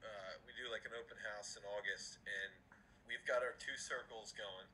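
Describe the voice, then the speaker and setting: A man who coaches throwing, talking in a casual podcast chat, animated and swearing casually. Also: on the low side, moderate pace, a little hiss or hum, rough recording.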